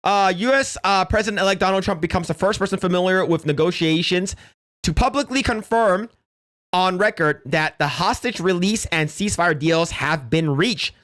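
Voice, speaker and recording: Excitable man streaming. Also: normal speed. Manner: excitable, swings between loud exclamations and low mutters. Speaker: streamer and podcast host. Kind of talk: casual livestream reaction commentary.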